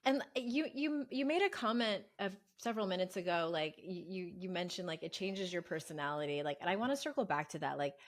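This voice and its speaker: A woman's voice: fairly low pitch, expressive, brisk, few pauses. A woman guest on a podcast who talks in a thoughtful, reflective way, often restarting and hedging as she works through ideas. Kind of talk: reflective conversation.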